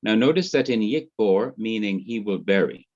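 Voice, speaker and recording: A man with a Jamaican accent teaching Hebrew grammar in a classroom lecture, speaking slowly and deliberately and repeating his points. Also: lowish voice, animated, a little mellow. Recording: muffled lo-fi classroom recording.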